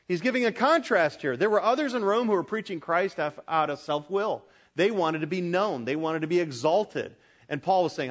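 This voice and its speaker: A middle-aged man preaching a sermon, emphatic and humorous, addressing the congregation directly and swinging between loud peaks and quiet asides. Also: high-pitched, lively intonation, normal speed. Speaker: pastor.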